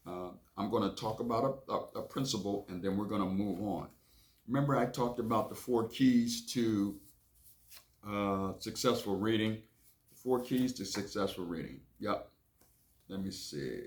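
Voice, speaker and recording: Guy reading a book out loud and breaking down words, low voice, laid back, repeats stuff. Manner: casual, repeats phrases, stops to define words. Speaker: reading teacher and host. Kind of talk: reading aloud and explaining vocabulary.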